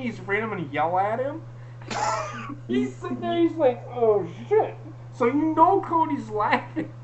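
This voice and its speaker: A woman hosting a casual live stream chat, telling stories in an animated way with lots of swearing and laughter. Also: high voice, slight background noise, low-quality recording. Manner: animated storytelling, heavy swearing, frequent laughing. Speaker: host.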